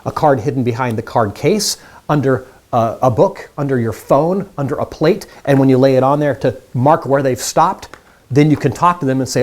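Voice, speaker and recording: A man's voice: medium pitch, normal speed, darkish tone. A man teaching mind reading magic tricks in a casual, upbeat tutorial, chatting straight to the viewers.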